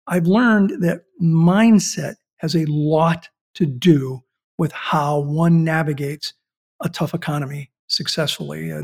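A man's voice: fairly high pitch, creaky, slightly rough. An older man hosting a podcast, telling a business anecdote in an easygoing way and often repeating words as he searches for the next one. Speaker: podcast host and business founder. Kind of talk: storytelling podcast talk.

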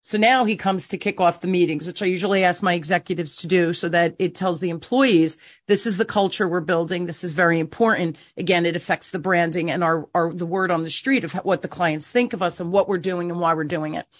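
A woman's voice: lowish voice, fairly quick, few pauses, dry recording, clean studio sound. A woman hosting a podcast, telling a story with feeling and acting out the dialogue of the people in it. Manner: animated, emotional storyteller who acts out quoted dialogue. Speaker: podcast host. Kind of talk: conversational storytelling.

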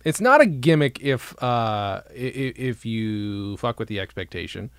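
A man from upstate New York hosting a podcast, asking questions in a relaxed, hesitant way and swearing casually. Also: medium pitch, unhurried, clean tone, no room sound. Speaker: podcast host.

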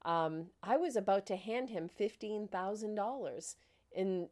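A woman hosting a podcast, telling a story in a casual, animated way and acting out the dialogue. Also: mid-range voice, unhurried. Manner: animated, laughing, acts out quoted dialogue. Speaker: podcast host.

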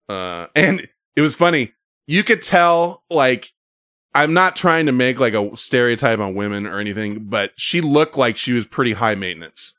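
A man's voice: mid-range voice, expressive, normal speed, bright, forceful tone, dry recording, clean studio sound. A man telling a story casually, with lots of fillers and swearing.

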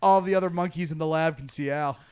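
Male co-host, high voice, excitable, stumbling joker. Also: quick pace, a little hiss or hum. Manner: excitable, jokey, stumbles over words. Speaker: podcast co-host. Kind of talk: casual chat.

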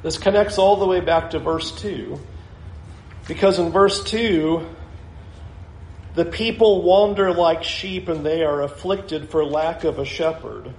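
A man preaching a sermon as a pastor, expressive and slowing down to stress key lines. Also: a little high. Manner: expressive preaching, slows for emphasis. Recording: echoey room.

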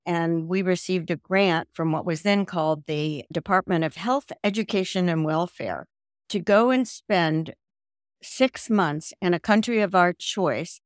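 Older female interview guest on a video call, lively storyteller who mimics voices, dry close sound. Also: lowish voice, measured pace, dry recording. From American South. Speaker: guest, language program founder.

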